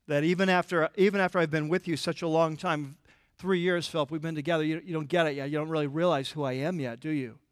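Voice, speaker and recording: A man preaching a sermon in a church, conversational and animated, with frequent restarts and filler words. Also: a little high, fast talker, no room sound, clean studio sound. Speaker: pastor.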